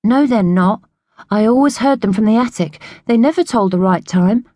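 A woman's voice: on the high side, normal speed, mellow, dry recording, clean studio sound, voice pushed up, close to an everyday voice. A woman reading an audiobook, voicing a spirited tiny young girl with an indignant, emphatic way of talking. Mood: doubtful.

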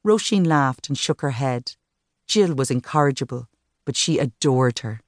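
A woman narrates a novel in a low, measured voice. The reading is even and unhurried. It is recorded close on a studio mic with a very dry sound. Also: no echo. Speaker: audiobook narrator. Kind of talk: scripted narration.

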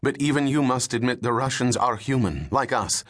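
An appalled professor in his thirties, voiced by a man reading an audiobook. His voice is tight with emotion and pitched above the narration. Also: moderate pace, natural voice. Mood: indignant.

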